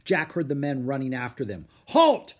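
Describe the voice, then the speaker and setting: A man narrating a children's storybook in a lively, expressive reading. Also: mid-range voice, normal speed, breathy edge. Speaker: audiobook narrator.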